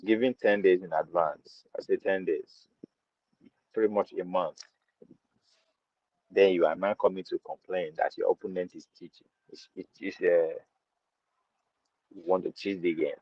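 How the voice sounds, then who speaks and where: In a low voice with fairly even intonation, a measured pace and long pauses, a Nigerian-accented podcast host gives opinionated commentary. Repeated phrases and turns into Pidgin underline his points. The audio is dry, dull and lo-fi.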